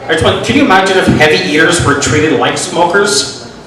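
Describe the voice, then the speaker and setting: Middle-aged man doing stand-up, self-deprecating and deadpan, on a mic set back in a very echoey club. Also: on the high side, a little fast, a crowd in the background. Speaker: stand-up comedian. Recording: echoey room, mic from far off.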